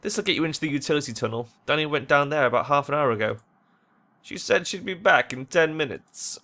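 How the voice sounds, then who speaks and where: A man's voice: a little high, lively intonation, fairly quick, pushed and bright. A man reading game dialogue aloud, voicing a worried young woman who is putting on a brave face. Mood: guarded, pleading.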